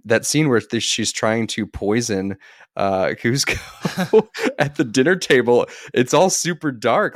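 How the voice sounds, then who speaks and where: A man with a low voice co-hosts a relaxed film podcast. He rambles through his points with loose restarts and breaks into laughter. The sound is dry and close, with no room echo. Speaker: podcast co-host. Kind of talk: casual movie review chat.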